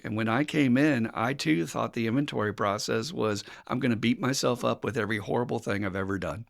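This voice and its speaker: A man's voice: on the low side, creaky, fairly bright tone, no echo, studio quality. An older man hosting a recovery podcast, speaking bluntly and plainly, swearing casually and acting out the voices of people he quotes. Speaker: podcast host.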